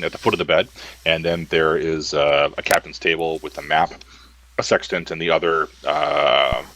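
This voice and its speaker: A man narrating as game master for a tabletop game, relaxed and hesitant with many ums. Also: low-pitched, rough recording.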